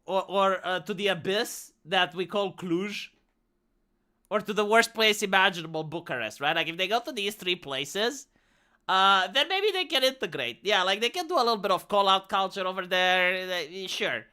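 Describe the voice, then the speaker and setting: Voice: medium pitch, animated, normal speed, bright, forceful tone, smooth. A live streamer from Romania with a Romanian accent, ranting bluntly and with a lot of swearing in a casual livestream chat.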